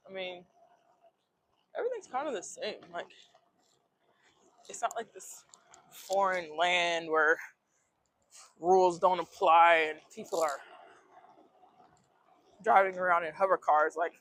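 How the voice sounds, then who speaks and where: A woman's voice: on the low side, unhurried, pauses often, a bit bright, a little hiss or hum, rough recording. A woman walks city streets outdoors on a cold morning and chats to her viewers through a handheld phone. She sniffles now and then and talks in a loose, joking way, calling her audience y'all. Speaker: travel vlogger. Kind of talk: casual vlog chat. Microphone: phone camera held while walking.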